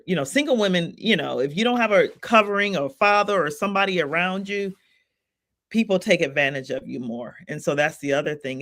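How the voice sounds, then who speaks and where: A woman co-hosting a podcast, speaking in an earnest, reflective way with frequent fillers. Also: low voice. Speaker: podcast co-host. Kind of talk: casual podcast chat.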